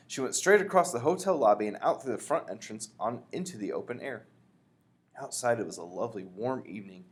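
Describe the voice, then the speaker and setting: Expressive man reading a storybook aloud. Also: lowish voice. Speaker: reader. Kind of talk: reading a children's book aloud.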